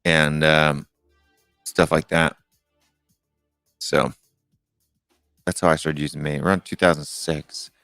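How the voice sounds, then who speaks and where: A man's voice: extremely low pitch, level tone, slow, long pauses, fairly bright tone, dry recording, clean studio sound, soft background music. A middle-aged man hosting a live call-in show, chatting casually and rambling with many fillers and restarts. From United States. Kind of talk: casual live-stream chat.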